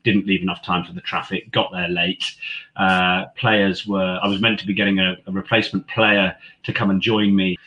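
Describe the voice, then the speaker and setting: This rugby commentator tells stories conversationally in a low, level voice at normal speed, captured on dull-sounding audio. He's chatty, full of fillers and restarts, and acts out the lines he quotes.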